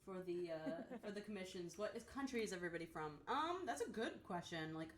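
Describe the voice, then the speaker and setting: A woman's voice: mid-range voice, expressive, a little fast, a little hiss or hum. A woman hosting a casual live stream, answering fan questions with a hesitant, laughing manner. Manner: laughing, hesitant with many ums. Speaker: streamer and show creator.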